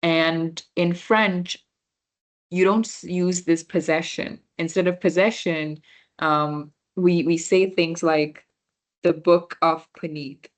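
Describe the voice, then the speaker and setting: Teaching beginners French, a young woman from a Punjabi background speaks slowly in a low, steady voice. Her explanations are patient, and she checks in to confirm her students understand.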